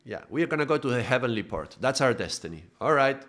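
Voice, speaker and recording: A man's voice: medium pitch, big pitch swings, fast, fairly bright tone. A man doing an earnest trusting captain. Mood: hopeful. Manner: hopeful, trusting, easily soothed. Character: earnest naive male ship captain, the soul.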